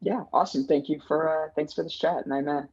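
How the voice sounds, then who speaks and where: Husky-voiced man in a casual interview. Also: on the high side, steady tone, fast talker, a little mellow, no echo. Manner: earnest, enthusiastic, many fillers and restarts. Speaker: placements team manager. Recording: dull dry lo-fi sound.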